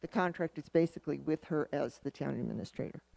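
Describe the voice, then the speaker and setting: A woman mayor chairing a town meeting, explaining a contract and calling on speakers in a measured, procedural way. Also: deep voice, gravelly, dark tone, dry recording.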